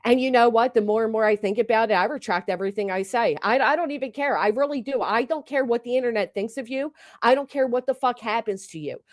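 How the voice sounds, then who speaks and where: A livestream host with a slightly high voice talks fast with few pauses, recorded dry with clean studio sound. She's upset and agitated, delivering an indignant rant packed with profanity.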